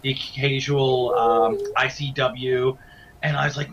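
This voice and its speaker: A middle-aged wrestling broadcaster chats eagerly as a guest in a casual interview from his small home man cave, stammering and restarting. His medium-pitched voice is flat and moderately paced, and the lo-fi recording is dull with faint noise.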